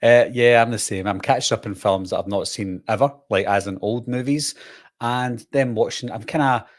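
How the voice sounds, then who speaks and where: A man hosts a relaxed live-stream chat. He talks in a chatty, rambling way, doubling back on himself and laughing easily. His voice sits at an ordinary middle pitch. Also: normal speed. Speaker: host.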